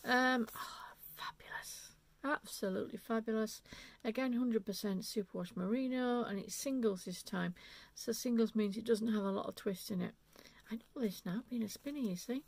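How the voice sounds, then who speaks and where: Woman, knitting vlogger, bubbly and rambling, slightly high, gravelly, dry close sound. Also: moderate pace, no echo. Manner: enthusiastic, rambling, self-interrupting. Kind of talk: unscripted chatty yarn haul.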